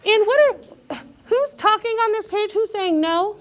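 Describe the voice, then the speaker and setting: High-voiced woman teaching a reading lesson. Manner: encouraging, slow and clear, sounding out letters.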